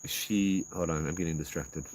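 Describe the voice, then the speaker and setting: A man's voice: sits low, lively intonation, a little slow, no echo, low-quality recording. A man with a Hawaiian Pidgin accent, a ghost tour guide telling a ghost story in a laid-back, rambling way. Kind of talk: casual spoken ghost story.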